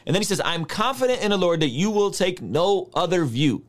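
A man's voice: high-pitched, animated, fairly quick. A man teaching a sermon on scripture, talking straight to his listeners in a conversational way and breaking into mock-outraged asides. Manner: addresses listeners directly, conversational. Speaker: preacher.

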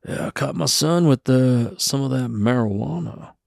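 Old-cowboy drawl, slow and gravelly, as a podcaster imitates a friend. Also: male voice, medium pitch, a little mellow, no echo, clean studio sound, voice pushed up.

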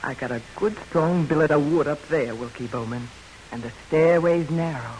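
A woman's voice: low voice, normal speed, a little mellow, slight background noise, lightly acted, poor audio. An actress playing a blunt, protective frontier widow and mother in an old radio drama. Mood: determined. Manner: blunt, threatening and commanding. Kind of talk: 1940s radio acting.

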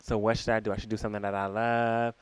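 A podcast co-host talking in an expressive, casual way, jumping from low musing to loud exclamations. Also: fast, smooth, no room sound. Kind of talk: casual chat.

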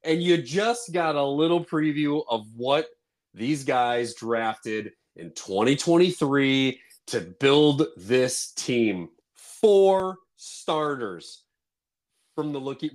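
A man co-hosting a casual sports podcast, talking excitedly and rambling with lots of fillers. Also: medium pitch, takes it slowly. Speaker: podcast co-host.

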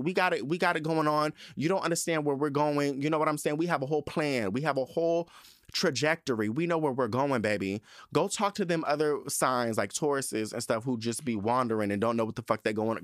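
A man's voice: medium pitch, a bit bright, dry recording, studio quality. A man hosting a podcast, ranting in a casual, sassy and profane way with lots of emphasis. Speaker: podcast host.

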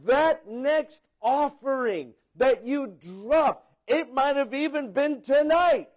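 Man, preacher, sermon, high voice, unhurried delivery, repeats himself. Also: lively intonation. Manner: rambling, repeats words, mimics people for humor. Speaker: pastor.

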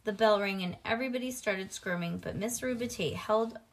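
A woman's voice: medium pitch, brisk. A woman reading a children's book aloud to a child at home, with casual asides to the child.

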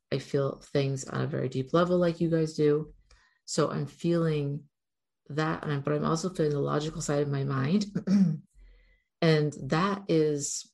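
A woman's voice: low-pitched, creaky, darkish tone. A middle-aged woman vlogging in a rambling, candid way, swearing casually now and then. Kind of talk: casual spiritual vlog.

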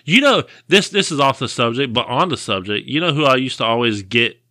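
A man's voice: mid-range voice, lively intonation, brisk, pushed and bright, dry recording, clean studio sound. A man co-hosting a podcast, slangy and loose, laughing through crude banter.

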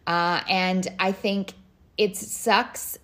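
A woman's voice: mid-range voice, fairly even intonation, drawn-out words, a bit bright. A woman in her thirties hosting a podcast, chatting casually with lots of fillers and restarts. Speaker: podcast host. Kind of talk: casual solo podcast talk.

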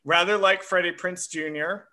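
Male podcast co-host, slightly high and bright, chatty and enthusiastic. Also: fairly even intonation, moderate pace. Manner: chatty, self-described history nerd, frequent uh fillers. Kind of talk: casual chat.

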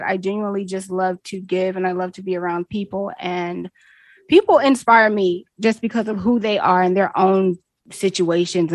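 A young woman talks through a casual interview, bubbly and quick to laugh. The sound is dry and close, with no room around her. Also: mid-range voice, no echo. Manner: bubbly, laughs often, animated quoting. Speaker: interview guest.

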